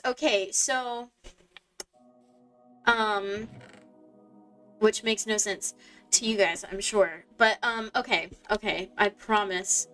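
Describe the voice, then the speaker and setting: A woman's voice: medium pitch, takes it slowly, pauses often, fairly bright tone. Rambling young woman chatting while gaming. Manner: rambling, loses her train of thought, many fillers. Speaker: streamer. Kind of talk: casual chat while gaming. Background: faint game music.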